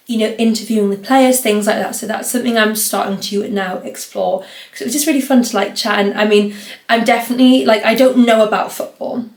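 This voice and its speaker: A young woman chats through her week on her own podcast, rambling from one thing to the next and leaning on "like" as a filler. Her voice sits at an ordinary middle pitch. The room around her carries a noticeable echo. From North East England. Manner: rambling, chatty, lots of "like" fillers. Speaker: podcast host. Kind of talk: casual solo podcast chat. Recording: roomy echo.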